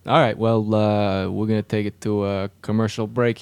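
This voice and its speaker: A man's voice: on the low side, flat delivery, moderate pace, darkish tone, clear, resonant tone, no room sound. A man hosting a comedic sports radio show, rambling with lots of filler words. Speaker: radio host.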